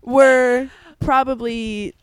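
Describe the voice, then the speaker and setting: A woman's voice: sits high, fairly even intonation, extremely slow, clear, resonant tone, no room sound. A young woman co-hosting a movie podcast, gushing and giggly as she talks about favorite scenes. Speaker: podcast co-host. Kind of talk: casual movie discussion.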